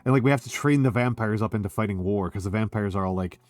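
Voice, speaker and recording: A man's voice: lowish voice, fast, a little mellow, dry recording. A man, chatting casually and sardonically on a stream, swearing freely and often laughing. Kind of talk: casual chat.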